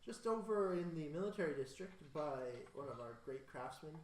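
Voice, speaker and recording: A man voicing a polite male blacksmith selling a sword, in a friendly, slightly halting way. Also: on the high side, animated, slight background noise, lightly acted. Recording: echoey room, mic at a distance.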